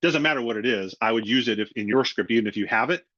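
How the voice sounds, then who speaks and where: A middle-aged man coaches salespeople in a lively webinar talk and keeps acting out both the caller and the customer in his own voice. The audio is dry and a little dull and lo-fi. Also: medium pitch, fast talker, no room sound. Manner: animated, acts out both sides of sales calls. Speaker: sales trainer.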